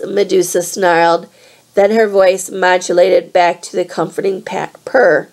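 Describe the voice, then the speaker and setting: A woman reading a novel aloud in a steady, clear storybook manner. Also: lowish voice, unhurried. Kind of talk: read-aloud narration.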